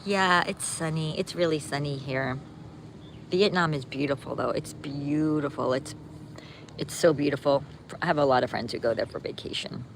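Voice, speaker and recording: A woman with a low, deep-set voice rambles cheerfully to her livestream viewers, full of "um"s and restarts. She talks into a phone while out walking on a street. Faint outdoor noise and passing vehicles sit behind her. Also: normal speed, gravelly. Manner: upbeat, rambling, many fillers and restarts. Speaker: livestream vlogger. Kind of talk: casual live chat with viewers.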